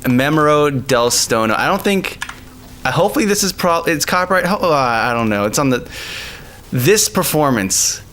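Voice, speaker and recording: A man's voice: a little high, normal speed, fairly bright tone, a little hiss or hum. A man streaming live and chatting casually, laughing often and calling people man and dude. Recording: faint music behind.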